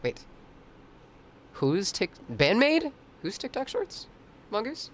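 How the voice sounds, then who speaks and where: A man's voice: sits high, wildly swooping pitch, takes it slowly, slight background noise. A man streaming and chatting casually with viewers, rambling, swearing freely and laughing often. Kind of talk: casual chat.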